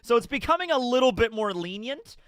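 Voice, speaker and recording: A man in his thirties giving a rambling, casual review of a manga chapter. He swears and laughs, and now and then jumps into loud, high outbursts. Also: lively intonation, fairly quick, no echo, clean studio sound. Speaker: anime and manga reaction host.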